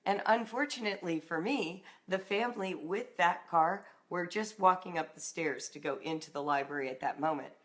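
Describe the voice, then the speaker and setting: A middle-aged woman from Southern California tells a personal story. She talks in a slightly low voice and stays animated, acting out the voices of the people in the story. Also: moderate pace, few pauses. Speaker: writing and homeschooling coach.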